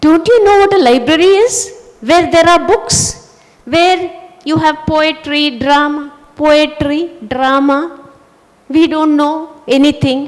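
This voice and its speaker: A woman's voice: high-pitched, animated, unhurried, pauses often, darkish tone, long reverb tail. A woman voicing an old male snail who loves books, asking bewildered, indignant questions. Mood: exasperated. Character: elderly male book-loving snail, indignant.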